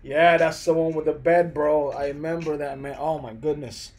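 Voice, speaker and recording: Man, American accent, fairly high voice, chatty, laid-back, faint music behind. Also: fairly even intonation, normal speed, darkish tone. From Philippines, raised in the US. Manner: chatty, frequent "bro" and "man", many restarts. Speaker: live stream host. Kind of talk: casual live stream chat with viewers.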